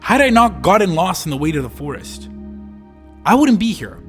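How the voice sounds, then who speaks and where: A man's voice: high-pitched, very animated, normal speed, a bit bright. A young man in his early twenties from Canada, telling a travel story in a laid-back, slangy voice-over. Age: early 20s. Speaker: travel vlogger. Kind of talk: casual voice-over narration. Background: faint background music.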